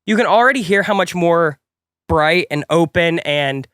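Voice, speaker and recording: A man's voice: fairly high pitch, animated, moderate pace, a bit bright, smooth, no room sound, studio quality. A young man with a stuffy, cold-affected voice, hosting a music production tutorial in an upbeat, chatty, rambling way. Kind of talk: casual tutorial talk.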